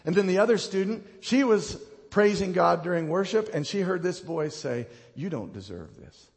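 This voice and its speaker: Gravelly-voiced man preaching in a reverberant hall. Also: sits high, moderate pace. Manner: passionate preaching, swings from loud to hushed. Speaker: pastor. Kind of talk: sermon. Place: church sanctuary.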